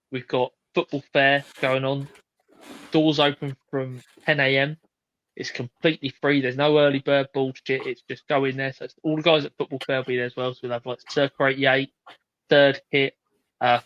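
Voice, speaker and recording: A man's voice: medium pitch, level tone, moderate pace, fairly bright tone, no room sound, lo-fi sound. A man hosting a podcast in casual chat, laid-back and freely swearing as he rambles. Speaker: podcast host.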